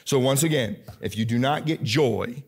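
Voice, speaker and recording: A pastor preaching a sermon with a Midwestern American accent, shifting from low earnest talk to loud fervent bursts, often halting and restarting. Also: male voice, breathy edge. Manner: halting, many restarts and fillers.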